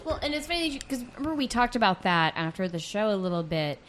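A woman's voice: mid-range voice, very animated, fast, fairly bright tone. A woman in casual conversation, reflecting on a theater production in a thoughtful way. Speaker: theater reviewer.

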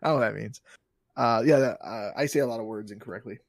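A man's voice: fairly low pitch, fast, gravelly, dry recording, studio quality. A man in his thirties, a podcast co-host, chatting casually and animatedly, acting out quotes and laughing often. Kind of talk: casual chat.

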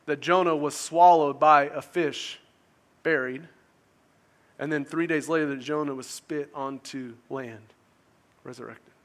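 A man preaching a conversational sermon, asking his listeners questions and swinging from loud to quiet. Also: on the high side, fairly even intonation, measured pace. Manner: conversational, asks the audience questions, varies volume widely. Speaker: pastor.

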